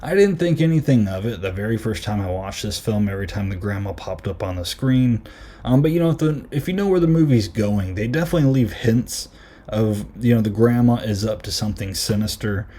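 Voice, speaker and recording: A man's voice: on the low side, expressive, brisk, mellow. A man hosting a podcast, giving a casual, rambling film review full of fillers and retold lines. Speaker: podcast host.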